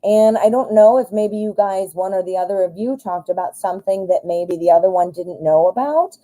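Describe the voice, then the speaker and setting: The recording is low quality, and the voice is a woman's: mid-range, dark in tone, at a moderate pace. She's a married adult from the United States hosting a live-stream tarot reading, rambling with fillers, drifting off-topic, and joking about herself.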